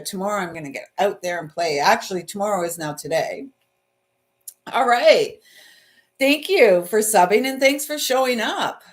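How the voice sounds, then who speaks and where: A woman in her fifties from Canada hosts a live card reading. She talks in a gushing, wandering way and keeps circling back to her feelings, with fillers and trailing thoughts. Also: on the high side. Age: 50s. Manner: gushing, meandering, emotional. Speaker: intuitive card reader, livestream host.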